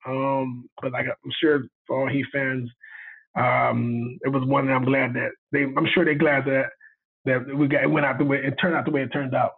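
A man's voice: medium pitch, level tone, moderate pace, gravelly, slightly rough. A man, a guest cinematographer, telling a story in casual chat, acting out quoted dialogue and laughing often. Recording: tinny phone line.

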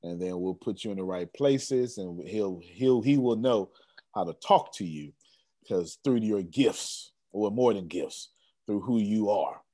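A man's voice: fairly low pitch, a little slow, mellow, no room sound. A man hosting a group video call, enthusiastic and emphatic, repeating his phrases and laughing often. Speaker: host of a coaching group call.

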